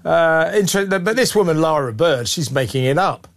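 A man's voice: a little high, animated, normal speed. A man with a somewhat raised voice hosts a talk radio phone-in. He speaks bluntly and with open scorn, and he often talks over his callers. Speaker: radio talk show host.

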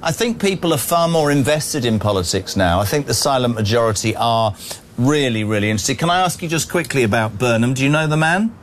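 Talk radio host, northern man, opinionated and quick, faint hiss. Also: mid-range voice, expressive. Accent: Northern English. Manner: brash, chatty, opinionated. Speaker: radio breakfast show host.

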